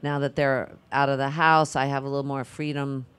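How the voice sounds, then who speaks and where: A middle-aged actress answering on a panel, thinking aloud in a rambling, conversational way. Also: female voice, rumbling low, little pitch movement, fairly quick, fairly bright tone, clean tone.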